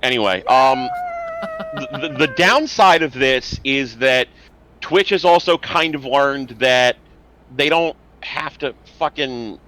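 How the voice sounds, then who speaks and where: Guy cohost ranting, swears a lot, bright punchy voice. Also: medium pitch, slow, slight background noise, low-quality recording. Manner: heavy swearing, animated ranting. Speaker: podcast co-host. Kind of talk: casual chat.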